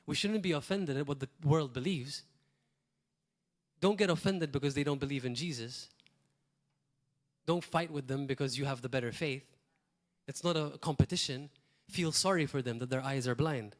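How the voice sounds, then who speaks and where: A man preaching a sermon as pastor, talking in a lively, rambling way and acting out quotes now and then. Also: mid-range voice, normal speed. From Malta.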